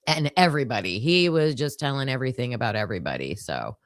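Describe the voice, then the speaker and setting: A woman with a deep, bass voice hosts a casual livestream, sounding groggy from the morning yet very animated and fast-talking. She chats to her viewers with lots of fillers, and the dry recording has clean studio sound.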